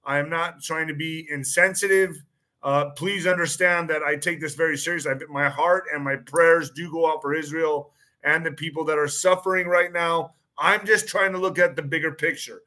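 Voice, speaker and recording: A man's voice: on the high side, steady tone, moderate pace, sharp tone. A man hosting his own online show, talking through a casual monologue, repeating phrases and framing his points as questions. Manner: repeats phrases, frequent restarts and fillers; poses claims as pointed questions.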